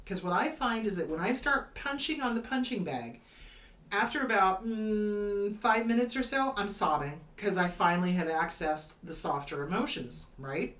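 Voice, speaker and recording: A woman therapist talks through her advice with lively, swooping pitch and emphatic stresses. Her voice sits a little back from the mic in a roomy, echoing space, and she slips into quick acted-out voices as she explains. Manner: animated, emphatic, acts out quoted voices. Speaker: therapist host. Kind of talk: casual advice talk. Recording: roomy echo, slightly distant from mic.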